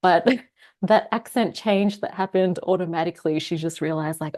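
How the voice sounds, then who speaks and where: A woman's voice: lowish voice, normal speed, darkish tone. A woman psychologist, a guest on a podcast, speaking in a thoughtful, reflective way. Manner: thoughtful, reflective, laughs while telling stories. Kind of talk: casual podcast conversation.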